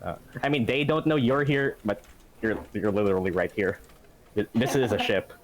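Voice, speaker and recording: A man's voice: on the low side, moderate pace, crowd noise, rough recording. A man narrating a tabletop game as game master, rambling with many fillers and laughing often.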